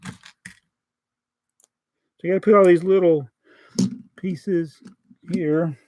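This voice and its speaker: A man's voice: high-pitched, steady tone, drawn-out words, darkish tone, dry recording. A man with a Southern American accent, chatting casually on a live stream as he builds a toy set, joking and reading out viewer comments. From Southern United States.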